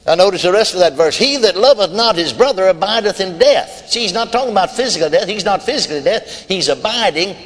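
A man's voice: high voice, lively intonation, quick pace, hardly any pauses, long reverb tail. A man preaching a sermon, telling folksy stories with quoted voices and chuckles. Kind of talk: sermon storytelling.

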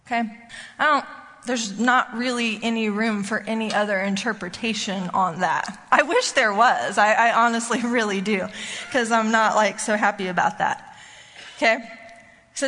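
A woman's voice: a little high, normal speed, pushed and bright, big-room sound. A woman preaching a sermon in a conversational, emphatic way, often checking in with the listeners. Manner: conversational, emphatic, frequent "okay?" check-ins.

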